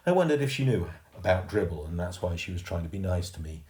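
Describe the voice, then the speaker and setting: A man reading a children's book aloud as a storyteller, slow and expressive, in a roomy recording. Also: low voice. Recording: roomy echo.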